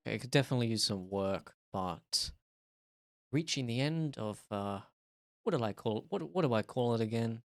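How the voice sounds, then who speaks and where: A man's voice: mid-range voice, expressive, normal speed, no room sound, clean studio sound. A man casually talking to himself during a live stream as he works on a music track, thinking aloud about edits. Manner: musing aloud while editing a track. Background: music playback.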